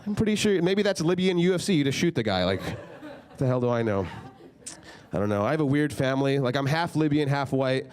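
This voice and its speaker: A man's voice: medium pitch, expressive, brisk, darkish tone. A young man doing a stand-up comedy set, telling stories in a loose, casual way full of "like". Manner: casual, filler-heavy storytelling with frequent "like". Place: comedy club stage.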